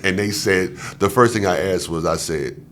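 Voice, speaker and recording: A man's voice: low voice, normal speed, a bit bright, slight background noise. A man, a podcast guest, telling a story casually and animatedly, with slang, acting out the people he quotes.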